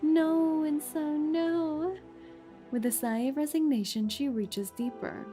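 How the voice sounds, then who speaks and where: A woman's voice: high-pitched, fairly even intonation, slow, dark tone, soft background music. A woman streaming a game playthrough. She chats playfully with her viewers, giggles often, and reads the story text aloud.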